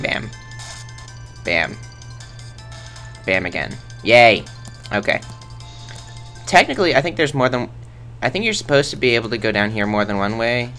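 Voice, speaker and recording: A man's voice: fairly low pitch, gravelly, sharp tone. A man rambling through casual game commentary in a goofy, self-mocking way, tossing in silly sound effects. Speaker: let's play host.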